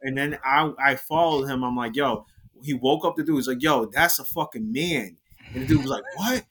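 A man's voice: mid-range voice, brisk. A man in casual podcast chat, telling a club story with lots of swearing and quoted dialogue. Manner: animated storyteller, swears a lot.

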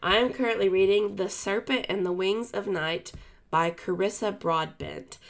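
A woman co-hosts a casual book podcast in a middle-pitched voice. She talks in a loose, chatty way and circles back on herself with frequent fillers and restarts. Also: moderate pace, creaky.

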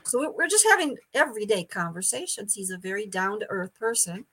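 Older lady rambling through a story, stammers and laughs, bright tone. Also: mid-range voice, expressive, a little fast, husky. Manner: chatty, repeats words, laughs often. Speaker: psychic medium guest. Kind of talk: casual storytelling interview.

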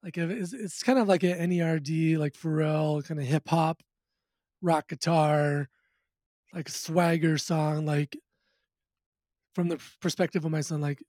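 A relaxed man chatting as an interview guest. His voice sits a little higher than most, and he keeps things loose and upbeat. Sometimes he drops into playful quoted voices. The recording is close and dry, with no room sound. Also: a little slow, long pauses, dry recording. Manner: easygoing, laughs often, slips into playful quoted voices. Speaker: musician guest. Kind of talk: casual interview chat.

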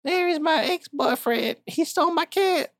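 A woman's voice: normal speed, dry recording, clean studio sound, lightly acted. A woman voicing a hysterical, frantic woman pleading for help to find her lost cat. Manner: shrill, pleading, breathless.

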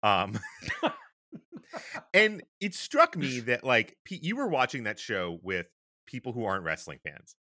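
Lively, bright-voiced man chatting casually. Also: mid-range voice, takes it slowly, pauses often, no echo, studio quality. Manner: animated, laughing, restarts often. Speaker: podcast co-host. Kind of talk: casual chat.

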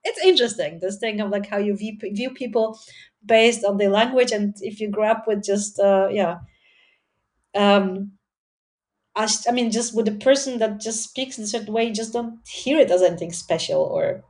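A woman's voice: medium pitch, moderate pace, a little mellow. Chatty woman in a casual talk. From Sweden. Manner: rambling, many "you know" fillers. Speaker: discussion participant. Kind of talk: casual conversation.

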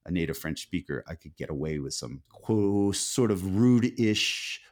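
A man's voice: sits low, lively intonation, unhurried. An American man speaking as an author guest in a conversational interview, thoughtful and often restarting his sentences. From United States. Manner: thoughtful, many restarts and self-corrections.

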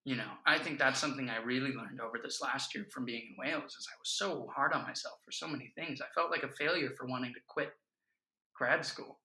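Young man, podcast guest, reflective storytelling, sharp bright voice, roomy echo. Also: mid-range voice, steady tone, fairly quick. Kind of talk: casual chat. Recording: echoey room.

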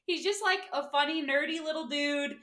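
A woman's voice: high-pitched, moderate pace, bright, forceful tone. A young woman co-hosting a sports podcast in an upbeat, chatty way, full of casual fillers. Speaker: podcast co-host. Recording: roomy echo.

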